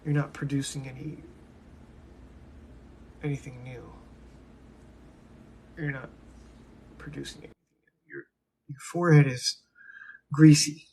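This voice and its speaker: A man's voice: mid-range voice, fairly even intonation, measured pace, pauses often, a little mellow, slight background noise. A young man rambling to himself in a casual monologue, drifting from one topic to the next. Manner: musing, talks to himself, drifts between topics.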